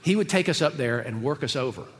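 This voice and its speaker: A man preaching a sermon in a casual, animated way, with slangy asides to his listeners. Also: medium pitch, quick pace, in a large hall. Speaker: pastor.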